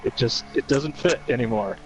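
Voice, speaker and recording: A man playing a racing game alongside the host, chatting in a halting, easygoing way. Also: mid-range voice, over music, poor audio. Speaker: co-player. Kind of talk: casual chat while playing a racing game.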